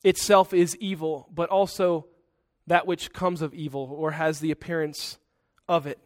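A male pastor preaching a sermon with earnest, conversational asides. His voice sits fairly high, and the sound is dry and close to the mic. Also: fairly even intonation, unhurried, a little mellow, no room sound.

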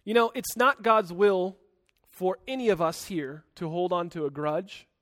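A man preaching a sermon in an emphatic, conversational way, with big swings in loudness. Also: sits high, a little slow, dry recording, studio quality. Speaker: pastor.

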